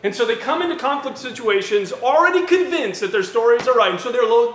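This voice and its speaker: A man preaching a sermon, lively and acting out quoted voices, with gentle humor. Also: very high-pitched, fast talker, hardly any pauses, slight background noise. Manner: animated, acts out quoted voices with jokes. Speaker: pastor. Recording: echoey church hall with faint ambience.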